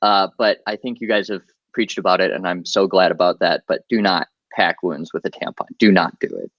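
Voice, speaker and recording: A man talks through his medical gear in a relaxed, practical way and leans on plenty of fillers. His voice sits a little low. The recording is dull and lo-fi with a dry, close sound. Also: a little fast, no echo. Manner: practical, chatty, many fillers. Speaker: guest medic. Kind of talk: casual podcast interview.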